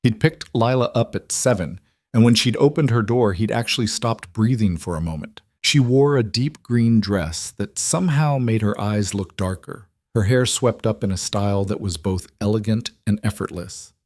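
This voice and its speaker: A man reading a scripted story in an even, measured way. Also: fairly low pitch, no echo, clean studio sound. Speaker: narrator.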